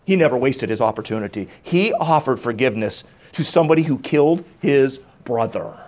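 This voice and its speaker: A man preaching a sermon, swinging from emphatic raised bursts to low, hushed reflection. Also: animated, a little fast. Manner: emphatic, rising to raised bursts on key points. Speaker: pastor.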